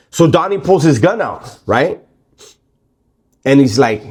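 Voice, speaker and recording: A man in the middle of a loose, casual story, his voice pitched right in the ordinary range for a man. He rambles, restarts and drops slang and curses as he goes. It sounds like easy storytelling between friends. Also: normal speed. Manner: relaxed, rambling, heavy slang and swearing. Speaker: storyteller recounting prison life.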